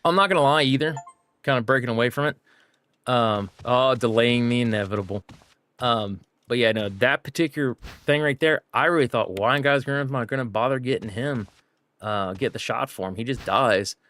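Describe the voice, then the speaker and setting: A man's voice: medium pitch, fairly quick, fairly bright tone. A male streamer telling a long story while he plays, full of fillers and "he goes" asides. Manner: rambling, with constant "he goes" and fillers. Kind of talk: casual storytelling while gaming.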